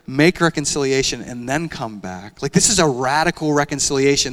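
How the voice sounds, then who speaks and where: A young man delivers a sermon in a relaxed, conversational way and talks to the congregation like friends. His voice sits in a middle pitch, and his delivery swings between lively, emphatic stretches and quiet asides. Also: normal speed. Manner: conversational, animated preaching with frequent "like" fillers. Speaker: pastor.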